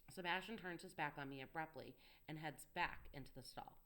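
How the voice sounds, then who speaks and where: Audiobook narrator, woman, low pitch, steady and intimate. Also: brisk, few pauses. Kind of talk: first-person audiobook narration.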